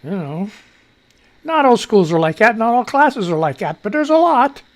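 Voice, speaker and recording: A man's voice: sits high, big pitch swings, normal speed. A man hosting a casual live news commentary show, ranting loosely and profanely as he reads and reacts to stories. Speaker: talk show host.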